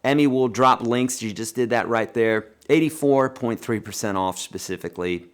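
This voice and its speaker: A man hosting a live guitar lesson and Q&A, chatty and animated, talking to viewers as friends and reading their questions aloud. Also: mid-range voice, normal speed, clean tone. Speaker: guitar teacher hosting a livestream.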